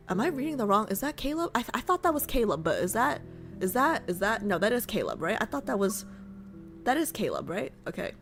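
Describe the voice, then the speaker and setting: A woman's voice: fairly high pitch, big pitch swings, a little fast, faint music behind. A woman streamer chatting playfully with her viewers and reading a game story aloud. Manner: chatty and playful, teasing herself and her chat.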